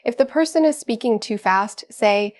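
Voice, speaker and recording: A woman giving scripted teaching narration for an English lesson, speaking slowly and clearly at an even pace. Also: on the high side. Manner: slow, clear, evenly paced delivery.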